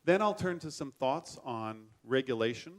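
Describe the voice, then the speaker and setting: Man, middle-aged, mid-pitched voice, formal keynote speech, measured. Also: expressive. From United States. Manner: measured, formal, self-deprecating. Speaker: keynote speaker.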